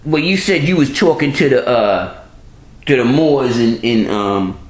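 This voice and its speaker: A man tells streetwise stories in a lively, rising-and-falling voice. He swears freely and restarts his sentences often. The room around him is roomy and echoey. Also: mid-range voice, unhurried. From New York. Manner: streetwise, profane, storytelling with many restarts. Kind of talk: casual conversation.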